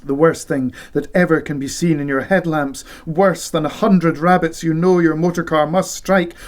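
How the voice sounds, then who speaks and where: A man reading a novel aloud with dramatic, deliberate delivery and whispered sound effects. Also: fairly high pitch, fairly even intonation. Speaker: audiobook reader. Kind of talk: expressive literary reading.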